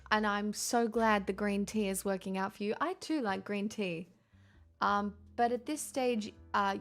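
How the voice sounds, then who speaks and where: A young woman hosting a livestream, chatting casually and playfully with viewers, laughing often and sounding very tired. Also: medium pitch. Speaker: livestream host. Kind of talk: casual chat reading viewer messages.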